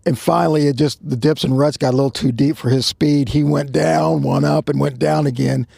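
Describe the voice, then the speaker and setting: Gravelly animated storytelling man. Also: fairly high pitch, fairly quick, no room sound, studio quality. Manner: animated storyteller, shouting quoted lines. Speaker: podcast co-host telling a story. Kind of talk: casual storytelling. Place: outdoors at a truck stop.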